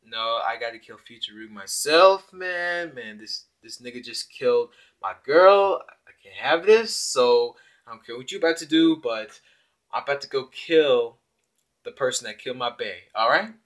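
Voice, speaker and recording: Man doing a vengeful young guy, slangy, bright. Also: mid-range voice, lively intonation, moderate pace, lightly acted. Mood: angry. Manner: casual slangy threats. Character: angry young man set on revenge.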